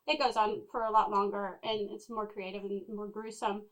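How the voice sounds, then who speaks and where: A woman reviewing a movie in casual chat, speaking in a measured, deliberate way. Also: medium pitch, level tone, a bit bright, low-quality recording. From Texas.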